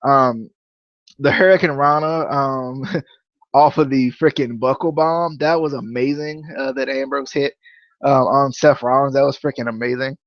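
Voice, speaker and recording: A young man hosting a casual wrestling review podcast, rambling and stammering, often repeating words when he gets excited. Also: mid-range voice, a little slow, no room sound, lo-fi sound. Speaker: podcast host.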